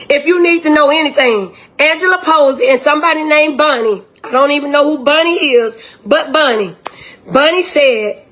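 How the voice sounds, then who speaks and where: Older woman, high-pitched, indignant, impassioned, repeats herself, direct-address video. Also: a bit bright. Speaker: grieving grandmother.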